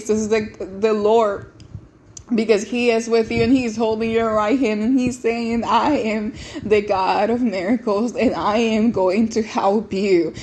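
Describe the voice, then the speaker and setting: A woman's voice: mid-range voice, slight background noise. Tearful woman podcast host. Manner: earnest, tearful, repeats words and restarts often. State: close to tears. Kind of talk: emotional personal testimony and encouragement.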